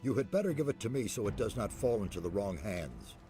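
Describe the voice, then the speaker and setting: An actor playing an elderly mage leader in a game, speaking in a solemn, measured, formal way. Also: male voice, lowish voice, very animated, dark tone, soft background music. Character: elderly male mage leader, grave and fatherly. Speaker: game character.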